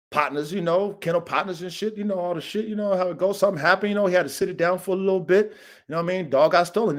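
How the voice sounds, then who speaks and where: Fired-up, profane man ranting on a podcast. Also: high voice. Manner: blunt, profane, fired-up and repetitive. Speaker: podcast host and dog breeder. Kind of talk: casual livestream rant. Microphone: live stream mic.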